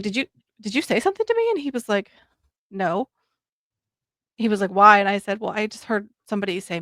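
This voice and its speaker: A woman in her thirties rambles through a personal story on a podcast. She leans on ums and acts out the lines of others as she goes. Her voice is gravelly and sounds dry and close to the mic. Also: mid-range voice, fairly bright tone, dry recording. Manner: rambling, many ums and quoted dialogue. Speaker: podcast guest. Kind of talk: casual storytelling.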